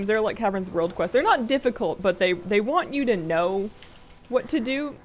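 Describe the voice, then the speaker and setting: A woman streaming a game live, chatting casually with her viewers in a self-mocking, grumpy, joking way and laughing often. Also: on the low side. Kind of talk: casual live-stream chat while gaming.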